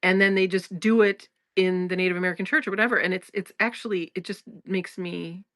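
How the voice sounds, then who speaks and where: A woman's voice: lowish voice, steady tone, brisk, fairly bright tone, no room sound, clean studio sound. A woman hosting a spiritual talk in a casual, frank way, swearing freely, laughing often and restarting her sentences. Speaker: spiritual teacher and podcast host.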